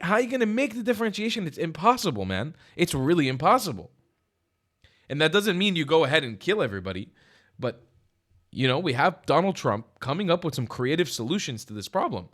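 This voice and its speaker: A man hosting a reaction vlog, talking bluntly with lots of swearing and emphasis, swinging from loud outbursts to quiet asides. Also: on the high side. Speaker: reaction video host. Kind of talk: casual opinionated commentary. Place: lives in Israel.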